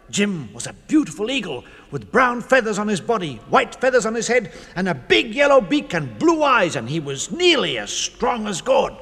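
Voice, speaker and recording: A man reading a children's story aloud in a playful, animated way. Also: sits high, normal speed, creaky, few pauses, slightly rough. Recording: reverberant, with loud music.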